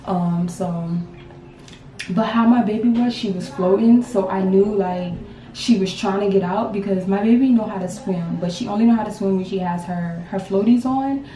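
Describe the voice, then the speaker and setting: A young woman in her twenties, a grieving mother telling her story to camera in a halting, repetitive, emotional way. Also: medium pitch, dark tone, slight background noise. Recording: roomy sound from a distance.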